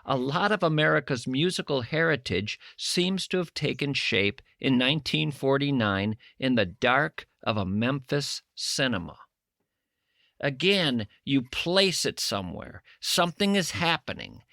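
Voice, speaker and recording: A man's voice: medium pitch, animated, unhurried, gravelly, bright, forceful tone, dry recording, clean studio sound. A man hosting a radio interview, enthusiastic and reading passages aloud to his guest. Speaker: radio host.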